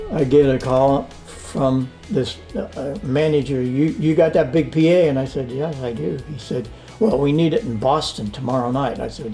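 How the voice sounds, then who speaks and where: An older man telling stories in a casual interview, acting out the dialogue as he goes. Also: medium pitch. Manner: animated storyteller, acts out quoted dialogue. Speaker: interviewee, sound engineer. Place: home studio.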